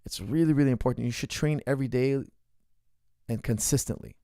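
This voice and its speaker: A man's voice: medium pitch, a little fast, mellow, no echo. Man in his 40s, coach, casual live stream chat, emphatic repetition, dry close sound. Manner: candid, repeats points for emphasis. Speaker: coach answering viewer questions.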